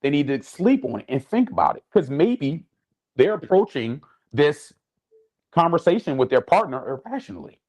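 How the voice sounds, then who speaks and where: A man's voice: a little high, very animated, moderate pace, a little mellow, dull audio. A man co-hosting a podcast, giving advice in an earnest, casual way with many restarts. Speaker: podcast co-host.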